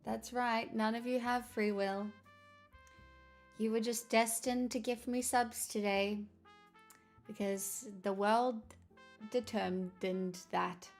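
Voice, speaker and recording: American woman streamer, high-pitched, unhurried, playful deadpan chat. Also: faint music behind. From United States. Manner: playful, teasing, giggly, deadpan asides. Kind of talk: casual live-stream chat.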